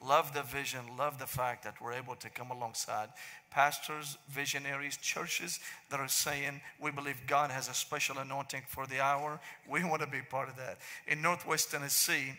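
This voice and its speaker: A middle-aged man with a Syrian accent preaching a sermon, telling jokes and stories and then praying slowly and solemnly. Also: mid-range voice, flat delivery, bright, forceful tone. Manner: joking storyteller turning to slow solemn prayer. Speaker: pastor. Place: large church sanctuary. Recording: long church reverb.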